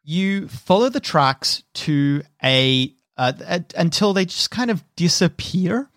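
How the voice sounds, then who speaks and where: A man narrating as game master in a tabletop role-playing game, unhurried and descriptive, with frequent restarts. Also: fairly high pitch, fairly bright tone, dry recording, clean studio sound.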